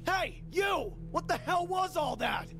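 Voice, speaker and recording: A man doing a shrill, irritated teen boy. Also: takes it slowly, over music. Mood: furious. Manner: shouting, exasperated. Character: irritated teenage boy gas station worker.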